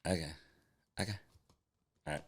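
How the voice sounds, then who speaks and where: A man, a comedian co-hosting a podcast, bantering casually and objecting with quick sarcasm.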